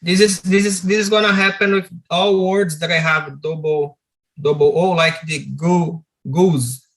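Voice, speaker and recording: Slow man. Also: a little high, steady tone, fairly bright tone. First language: Portuguese. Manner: asks careful questions, repeats words to practice. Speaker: adult ESL student.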